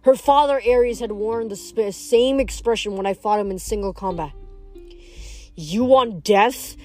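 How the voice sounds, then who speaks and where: A woman reading a novel aloud in a plain, steady way, stumbling now and then and correcting herself. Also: mid-range voice, normal speed, soft background music. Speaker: audiobook reader.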